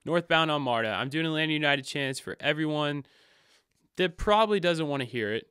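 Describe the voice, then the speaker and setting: Excitable man with a bright, crisp voice. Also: a little high, fairly quick, no echo, studio quality. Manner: excitable, rambling with frequent restarts. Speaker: podcast co-host. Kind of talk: casual sports chat.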